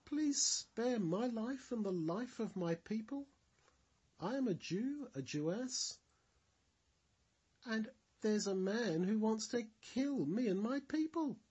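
A man's voice: fairly high pitch, slow pace, mellow, breathy edge, dull audio, voice pushed up. A man voicing a young queen who pleads in a nervous voice. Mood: pleading.

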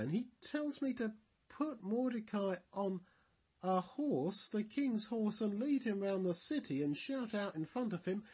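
A man's voice: medium pitch, darkish tone, breathy edge, dull audio. A man voicing a proud, scheming male royal advisor who talks with indignant outbursts. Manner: shocked, indignant.

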